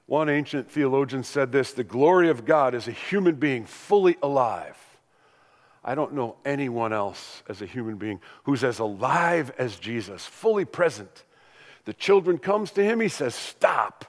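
An older man, a pastor, delivering a sermon that swings between loud emphatic lines and hushed ones. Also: a little high, expressive, moderate pace, big-room sound.

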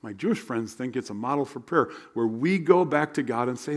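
A man preaching a sermon as a pastor, animated and conversational, sometimes dropping to a hush. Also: medium pitch, brisk, hardly any pauses.

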